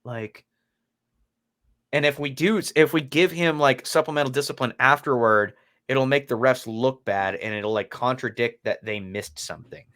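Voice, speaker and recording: A man's voice: medium pitch, moderate pace, a bit bright. Guy cohosting a hockey podcast, swears a lot, acts out quotes, voice all over the place. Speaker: podcast co-host. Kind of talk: casual sports chat.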